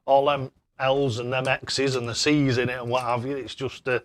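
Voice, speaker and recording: An older man with a mid-range voice chats casually on a live stream at a moderate pace and level tone. He reads out viewer messages while throwing darts, laughs often, and stumbles over tricky names.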